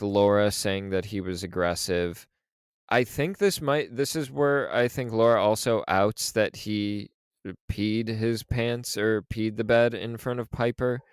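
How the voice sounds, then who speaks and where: A man co-hosting a podcast, casually recapping a horror film with animated, profane storytelling and frequent laughs. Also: medium pitch, clean tone, no echo, studio quality. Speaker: podcast co-host.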